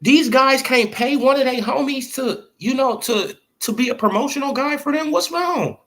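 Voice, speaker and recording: A man with a fairly bright tone talks boxing at a moderate pace, loose and full of slang. The vlogger often asks if you feel what he's saying, and he plays out imagined dialogue as his pitch swings.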